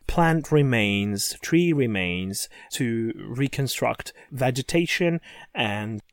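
A man's voice: medium pitch, animated, takes it slowly, no room sound. Guy cohosting a chatty podcast, eager, stumbles over his starts, very dry close sound. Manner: enthusiastic, repeats words when starting sentences. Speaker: podcast co-host. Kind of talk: casual podcast chat.

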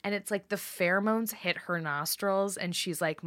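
A woman's voice: mid-range voice, moderate pace, a bit bright, no room sound. A woman co-hosting a casual true-crime podcast, playfully setting scenes as she tells the story. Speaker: podcast co-host.

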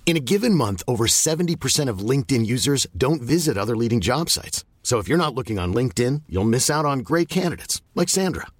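A man's voice: medium pitch, very animated, quick pace, few pauses, no echo, studio quality. A man reading a polished scripted advert as an announcer.

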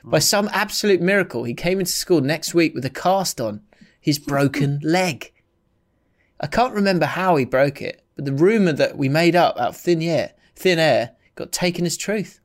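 Young guy hosting a podcast, reads comments out slow and jokey, voice on the higher side. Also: animated. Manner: laughs often, reads comments in a slowed, exaggerated voice. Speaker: podcast host. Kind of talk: casual chat, reading out listener comments.

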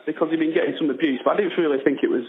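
Guy on the phone, kinda high voice, tinny line, keeps restarting his sentences. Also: racing, a little hiss or hum. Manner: hesitant, many restarts. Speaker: guest fan on the phone. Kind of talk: casual chat.

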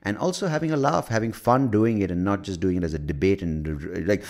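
An American man with a very deep, gravelly voice delivers a loose solo podcast monologue. He rambles, swears freely and pokes fun at himself. His pitch swings widely from low grumbles to sudden high bursts. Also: animated, brisk, darkish tone. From United States. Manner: rambling, profane, self-mocking. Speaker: podcast host. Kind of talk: casual monologue.

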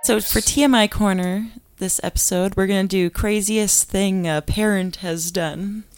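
A woman's voice: mid-range voice, fairly even intonation, unhurried, soft background music. A young woman from Alberta co-hosting a casual podcast, telling stories with frequent laughter. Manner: laughing storyteller. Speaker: podcast co-host. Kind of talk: casual chat.

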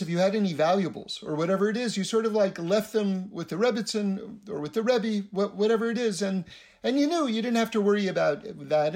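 A man's voice: sits high, darkish tone. A man giving a casual spiritual teaching, rambling and often repeating his words.

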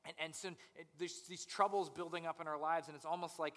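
A young man preaching a conversational sermon as pastor, animated and acting out people's inner voices. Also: on the high side, fast, big-room sound.

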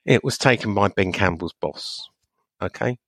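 A man co-hosting a casual podcast, explaining his view in a measured way with frequent restarts. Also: lowish voice, vocal fry, fairly bright tone, no echo. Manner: measured, hesitant, many restarts and fillers. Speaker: podcast co-host. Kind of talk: casual chat.

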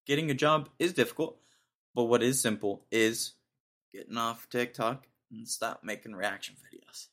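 A young man talks alone into the mic, hosting his own podcast. His voice sits at an ordinary middle pitch, and he rants in an exasperated, mocking way. He keeps cracking himself up between complaints. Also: moderate pace, fairly bright tone. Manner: ranting, exasperated, mocking, laughs at own jokes. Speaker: podcast host. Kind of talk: casual solo podcast rant.

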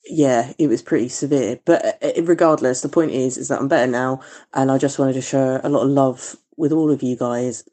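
A woman's voice: extremely low pitch, steady tone, normal speed, dark tone. A woman leaving a heartfelt, emotional voice message to a podcast, swearing now and then.

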